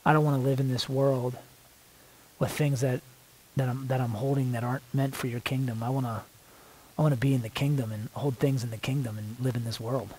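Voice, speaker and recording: A man praying aloud in spontaneous prayer, soft and halting, repeating words as he searches, sometimes dropping to a hushed near-whisper. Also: mid-range voice, steady tone, a little hiss or hum, rough recording. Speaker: worship leader praying aloud.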